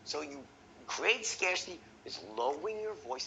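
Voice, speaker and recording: A man teaching a sales training session, animated and profane, acting out the tones of voice he teaches. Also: a little high, normal speed, gravelly, highs cut off, slight background noise.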